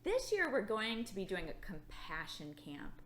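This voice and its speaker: A woman leading a children's Bible school lesson, speaking gently and playfully to young kids. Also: mid-range voice. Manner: slow, animated and playful, with yawns. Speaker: children's church leader. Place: church. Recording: echoey room.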